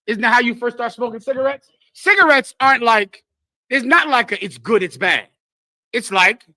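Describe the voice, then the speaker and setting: High, bright-voiced man lecturing emphatically. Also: animated, normal speed, no room sound. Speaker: religious teacher. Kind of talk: street scripture teaching.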